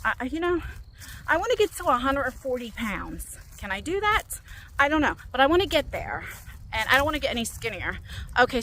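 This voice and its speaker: Lively, bright-voiced woman vlogging outdoors. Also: on the high side, a little hiss or hum, low-quality recording. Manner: chatty and rambling, animated when telling stories. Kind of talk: casual vlog chat while walking. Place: outdoors at a lake park.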